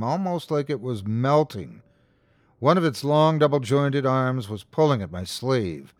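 A male storyteller reads a scary tale slowly and deliberately, his pitch rising and falling with the drama. The voice sits dry and close to the mic, with no room around it. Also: dry recording. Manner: measured, dramatic first-person storytelling. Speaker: host and narrator. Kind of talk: scripted horror story narration.

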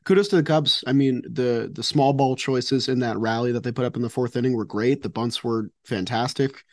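Male co-host, mid pitch, relaxed and wry, dry close recording. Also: brisk, no echo. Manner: easygoing, wry asides. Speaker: podcast co-host. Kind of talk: casual sports chat.

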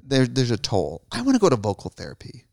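A man co-hosting a casual comedy podcast, campy and jokey, often swooping into silly high voices. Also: wildly swooping pitch, fast talker, creaky, warm tone, no echo, clean studio sound. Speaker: podcast co-host.

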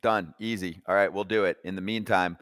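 Low-voiced male sports podcast host. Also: fairly even intonation, fairly quick, fairly bright tone, no room sound, studio quality. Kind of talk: casual sports talk.

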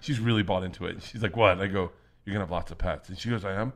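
A man, a comedian, telling family stories on a podcast in a loud, profane way, laughing as he goes. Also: sits low, fast. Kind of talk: casual storytelling.

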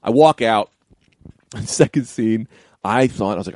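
A man's voice: fairly low pitch, measured pace, darkish tone, dry recording. A young man telling a story in a casual chat, acting out voices and swearing casually. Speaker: comedian telling a story on a podcast.

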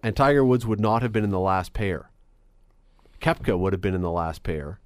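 A man's voice: deep voice, lively intonation, normal speed, smooth, no echo. A man hosting a radio sports talk show, chatting casually with many restarts and easy laughs.

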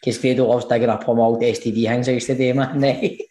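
A Scottish man co-hosting a podcast, telling animated stories with plenty of swearing. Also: mid-range voice, fast talker. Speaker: podcast co-host. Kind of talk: casual chat.

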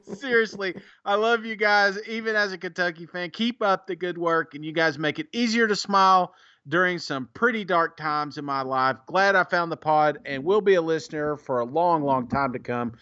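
Man, high voice, bright, casual podcast co-host, teasing, reading reviews, dull dry recording. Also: normal speed, dry recording. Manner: laughs often, teasing.

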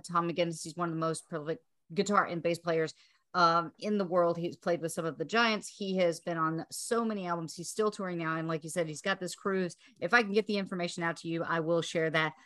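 A woman's voice: on the low side, fairly even intonation, a little fast, a bit bright. A woman podcast host, effusive and thankful in casual chat.

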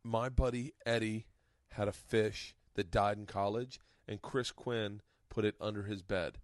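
A man's voice: on the low side, steady tone, measured pace, dry recording, clean studio sound. A man hosting a casual podcast chat, giving short reactions and laughing often. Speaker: podcast host.

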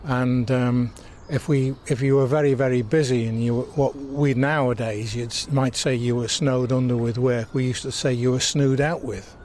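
A man's voice: medium pitch, steady tone, moderate pace, hardly any pauses, darkish tone, slight background noise. An older man with a mild Southwest Lancashire accent, reminiscing outdoors in an interview, stumbling and repeating words as he recalls. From England. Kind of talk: reminiscing in casual conversation. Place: outdoors by a church in a town.

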